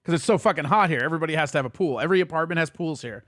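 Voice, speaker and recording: A man hosting a casual livestream, ranting at his chat in a quick, profane and heated way. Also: fairly high pitch, a bit bright, no echo, clean studio sound. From Italian heritage. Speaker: streamer host.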